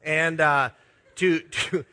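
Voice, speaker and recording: Speaking extremely slowly, a middle-aged man from Minnesota preaches a sermon built on personal storytelling. His voice sits on the high side with a sharp tone and fairly even intonation, and as a pastor he chuckles through confessional, self-deprecating tales.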